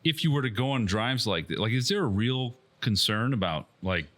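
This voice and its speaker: A man in casual podcast chat, relaxed and loose with his language. His voice sits at an ordinary pitch. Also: normal speed. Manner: laughing, swearing, casual. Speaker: podcast co-host.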